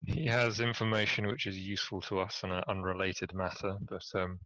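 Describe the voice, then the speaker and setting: A man speaking in character in a tabletop game, matter-of-fact in tone. His voice is very low yet bright and forceful. It sounds dry and dull, as on lo-fi call audio. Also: steady tone, fairly quick, no room sound. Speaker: player. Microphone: online voice call.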